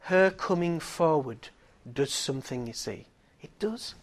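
A middle-aged man with a slightly raised voice tells a sermon story. He swings from hushed, near-whispered moments to loud, excited exclaiming. He is a lively preacher. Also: fairly high pitch, a little slow.

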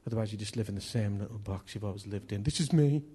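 A man's voice: lowish voice, flat delivery, rapid-fire, dark tone, breathy edge. A man preaching a sermon in a chatty, jokey way, laughing at himself as he tells stories.

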